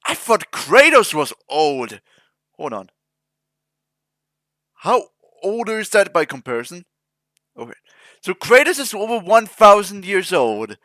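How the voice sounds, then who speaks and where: A man's voice: sits high, sing-song, slow, long pauses, pushed and bright, no echo. A man hosting a reaction video, chatting casually with jokes and rambling asides. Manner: rambling, joking, trails into mock-emotional mumbling.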